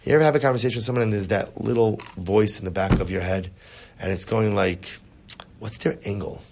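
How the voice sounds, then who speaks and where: A man teaching a Chassidic text class, animated, often repeating words and asking his listeners rhetorical questions. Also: on the low side, quick pace, gravelly.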